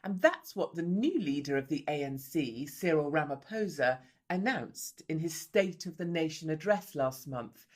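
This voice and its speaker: A woman's voice: sits low, animated. A woman reporter giving grave, emphatic scripted documentary narration. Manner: grave, emphatic, measured delivery.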